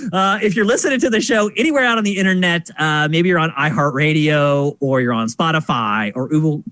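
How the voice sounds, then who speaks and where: A man's voice: fairly high pitch, a little fast, dry recording. A man hosting a casual podcast, telling stories and doing voices for the people in them. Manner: animated storyteller, acts out voices. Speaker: podcast host.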